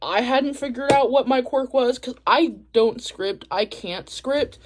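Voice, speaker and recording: A woman's voice: sits high, a little slow, few pauses. A young woman telling a story to camera in a casual, profane, laughing way. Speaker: vlogger.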